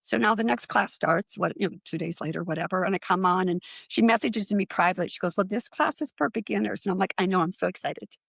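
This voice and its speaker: A middle-aged woman tells her story as a podcast guest, slipping into other people's voices as she quotes them. Her voice carries a gravelly fry, and it sounds close and dry with no room around it. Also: medium pitch, quick pace, hardly any pauses, no room sound. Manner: animated anecdote-telling with acted-out quotes. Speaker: guest, psychic medium.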